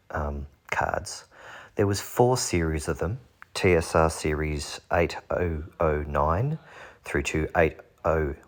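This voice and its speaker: A man casually talking through fantasy monster art, joking and making puns along the way. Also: sits low. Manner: jokey, punning, self-deprecating. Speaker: channel host.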